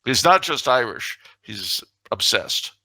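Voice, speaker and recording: A middle-aged man co-hosting a talk show, telling stories with animated mock indignation and acting out the dialogue. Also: medium pitch, takes it slowly, no room sound. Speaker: podcast co-host. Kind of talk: casual banter and storytelling.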